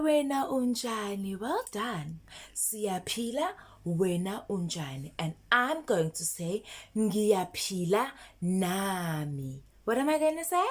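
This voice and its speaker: Slow sing-song woman teacher. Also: medium pitch, very animated. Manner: slow, sing-song, encouraging repetition prompts. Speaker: isiZulu teacher for children. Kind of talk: children's language lesson.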